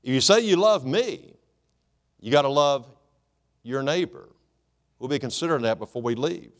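A man's voice: mid-range voice, lively intonation, normal speed. A man preaching a sermon in a folksy, joking way, calling for amens. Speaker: pastor.

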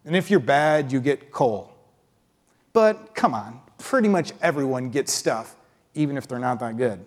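A man preaching a conversational sermon, acting out quick impressions of how people picture God. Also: animated. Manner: conversational, acts out quick impressions with pitch jumps.

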